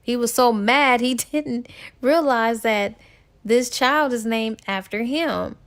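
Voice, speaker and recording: A woman's voice: a little high, takes it slowly, a bit bright. A woman casually retelling a novel's plot for a book review, chatty and full of "he was like" and "or whatever.". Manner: chatty, filler-heavy with "he was like".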